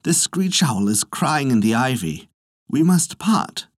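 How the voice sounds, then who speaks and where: A narrator voicing a stingy, anxious male priest in a folktale, in a slower and lower voice than their own. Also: sing-song, no echo, studio quality. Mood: fretting.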